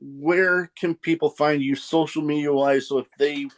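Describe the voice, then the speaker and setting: A man's voice: fairly high pitch, fairly even intonation, normal speed. A man hosting a casual podcast interview in an easygoing, chatty manner with casual swearing. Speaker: podcast host.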